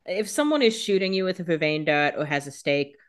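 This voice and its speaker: A woman's voice: deep voice, sing-song, a little fast. A woman co-hosting a podcast who jumps in with wry reactions and laughs while an episode is recapped. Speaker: podcast co-host. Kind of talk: casual chat, reacting and joking.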